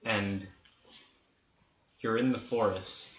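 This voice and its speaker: A man running a tabletop game, narrating scenes in a hushed, dramatic way. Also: fairly low pitch, steady tone. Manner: slow, hushed dramatic storytelling. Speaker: dungeon master. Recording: roomy, dull lo-fi with faint hiss.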